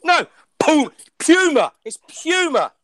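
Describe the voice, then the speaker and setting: A young man with an English accent, animated and quick to laugh, chatting casually as a guest and poking fun at his own common way of speaking. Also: high-pitched, no room sound. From England. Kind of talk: casual chat.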